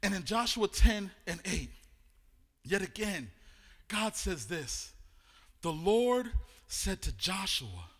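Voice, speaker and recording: High, bright-voiced man preaching in a hall. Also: very animated, slow, pauses often. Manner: sing-song preaching cadence, rising into loud exclamations. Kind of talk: sermon. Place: church sanctuary. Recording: long hall reverb.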